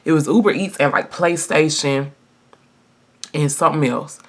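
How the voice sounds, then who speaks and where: A woman's voice: deep voice, normal speed. Chatty young woman telling a storytime. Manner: chatty and emphatic, addresses viewers as y'all. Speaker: vlogger. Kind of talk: casual storytime while getting ready.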